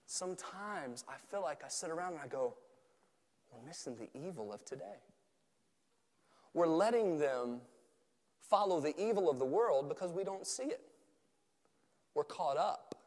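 A man, a youth pastor preaching a sermon, switching between shouted passages and quiet, chatty talk. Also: fairly high pitch, expressive, normal speed, long pauses. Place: church. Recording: echoey church hall.

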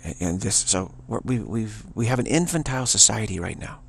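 A man giving a rambling spiritual talk, digressive and halting, restarting his sentences often. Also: fairly low pitch, lively intonation, creaky, husky. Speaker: spiritual teacher. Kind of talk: rambling spoken monologue.

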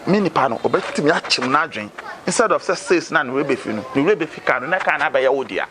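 A Ghanaian-accented man playing a streetwise adviser who persuades a friend, lively and mixing Twi with pidgin English, in a noisy outdoor scene. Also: fairly high pitch, fast talker, lightly acted. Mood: persuasive. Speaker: adviser urging a fetish priest.

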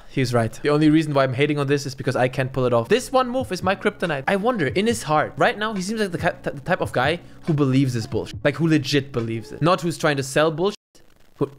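A man doing casual reaction commentary in a blunt, scornful way, swearing freely. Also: fairly high pitch. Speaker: reaction streamer.

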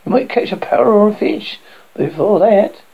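A motherly, rough-spoken woman off a canal barge, as a man reading the story puts her on. Her voice sits higher than plain talk and rasps with gravel, rambling in ungrammatical dialect. The recording sounds dull and lo-fi. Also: lively intonation, normal speed, exaggerated voice. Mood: chatty.

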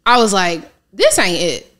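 A woman financial coach telling her story in a candid, casual interview, animated and colloquial. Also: medium pitch, a little slow. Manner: lively, colloquial, animated retelling with quoted asides.

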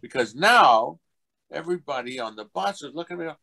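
A man's voice: brisk, creaky, low-quality recording. An older man, a voice actor, telling anecdotes in an interview and acting out other people's voices. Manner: animated, acts out other people's voices in high pitch. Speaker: voice actor guest.

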